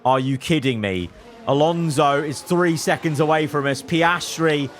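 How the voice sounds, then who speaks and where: With soft music playing in the background, a young man narrates his racing management gameplay at a measured pace. As a gaming video creator, he speaks to his drivers while playing, moving between quiet muttering and loud outbursts.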